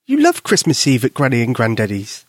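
A man's voice: mid-range voice, wildly swooping pitch, fairly quick, no room sound, clean studio sound. A man voicing a cheerful young mother coaxing her glum daughter. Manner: coaxing, upbeat questions.

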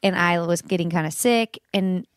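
A young woman chatting casually as a guest, animated and playful, often laughing and putting on mock voices. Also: fairly low pitch, moderate pace, no echo, studio quality. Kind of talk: casual chat.

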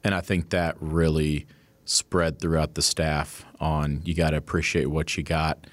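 A man's voice: a bass voice, little pitch movement, measured pace, no room sound. A man who works in team communications, speaking earnestly about a mentor with many "like" and "you know" fillers. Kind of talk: reflective interview remarks.

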